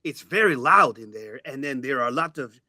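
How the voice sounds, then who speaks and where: A man voicing a smooth-talking male owl informant with a chummy, conspiratorial manner. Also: mid-range voice, lively intonation, brisk, pushed and bright, no room sound, studio quality, pitched below the performer's own voice. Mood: schmoozing. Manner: chummy, conspiratorial, slips into mock Spanish.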